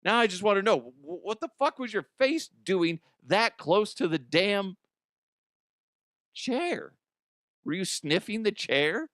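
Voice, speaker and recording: A man's voice: sits high, big pitch swings, slow, a bit bright, dry recording, clean studio sound. A middle-aged man hosting a comedic news show, rambling, laughing often and making crude jokes. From Colorado, US. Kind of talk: casual comedic news commentary. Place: studio.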